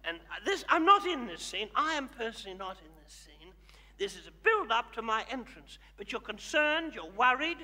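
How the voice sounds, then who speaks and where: A man playing Dame Edna, a bright theatrical diva. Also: extremely high pitch, big pitch swings, moderate pace, full character voice. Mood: bossy. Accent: Australian. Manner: bossy, fussing and self-adoring. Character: brash older woman stage diva. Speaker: comedy host. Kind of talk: live stage comedy. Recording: live theatre with hall reverb.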